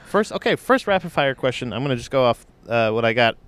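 Lively joking man co-hosting a podcast. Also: mid-range voice, fast, smooth, no room sound. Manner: joking, playful, puts on silly voices. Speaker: podcast co-host. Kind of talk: casual chat.

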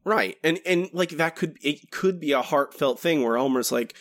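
A man's voice: on the high side, normal speed, no echo. A man co-hosting a podcast, talking casually and rambling with frequent restarts. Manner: rambling, many restarts, animated. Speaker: podcast co-host.

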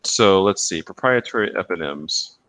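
A man's voice: sits low, expressive, normal speed, a bit bright, dry recording. A man co-hosting a podcast, chatting casually, rambling and swearing, laughing at his own jokes. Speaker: podcast co-host. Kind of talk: casual banter.

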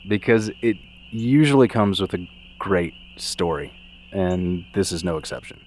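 A man's voice: sits low, lively intonation, a little slow, darkish tone. A man hosting a casual interview, giving short friendly prompts and reactions to his guest. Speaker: interview host.

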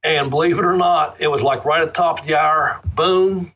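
Gravelly-edged, profane middle-aged man. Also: on the high side, moderate pace, fairly bright tone. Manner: profane, rambling, laid-back storyteller. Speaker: former pro wrestler, guest. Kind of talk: casual storytelling interview. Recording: dull lo-fi sound.

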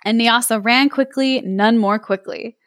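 Young female podcast co-host, higher voice, playful fairy-tale reader, dry sound. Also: measured pace, fairly bright tone, no echo. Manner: playful, laughs often between lines. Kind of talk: reading a fairy tale aloud with banter.

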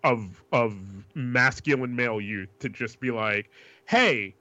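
A man from New York chats on a podcast in an emphatic, rambling, profane way. His voice is bright and forceful but comes through a dull, lo-fi mic. The sound is dry, with no room around it. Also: mid-range voice, fairly even intonation, measured pace, no room sound. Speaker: podcast co-host. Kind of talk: casual chat.

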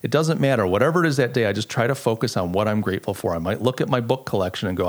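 A man's voice: mid-range voice, lively intonation, rapid-fire, few pauses. Earnest middle-aged man musing aloud. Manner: earnest, reflective storytelling with frequent restarts. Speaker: podcast host. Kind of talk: casual solo podcast monologue.

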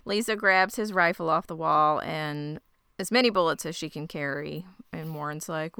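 A woman co-hosting a podcast, casually recapping a TV episode in a soft-spoken way. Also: deep voice, normal speed, smooth, no room sound, clean studio sound. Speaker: podcast co-host recapping a show. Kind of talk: casual chat.

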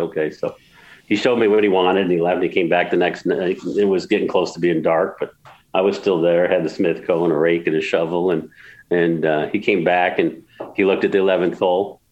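Deep-voiced older man, rambling storyteller. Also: fairly even intonation, brisk, darkish tone, muffled recording. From upstate New York. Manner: rambling, emotional, many restarts and repeats. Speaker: golf course builder, guest. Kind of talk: storytelling interview.

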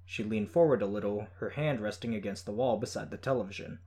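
A man reading a first-person story in a steady, measured way. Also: fairly low pitch. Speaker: audiobook narrator. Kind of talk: scripted first-person narration.

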